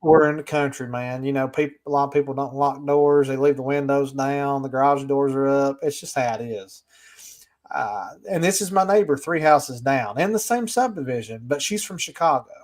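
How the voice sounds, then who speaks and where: A man's voice: mid-range voice, moderate pace, a little mellow. Folksy man telling a story. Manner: folksy, laid-back storyteller. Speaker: podcast co-host. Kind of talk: casual storytelling chat.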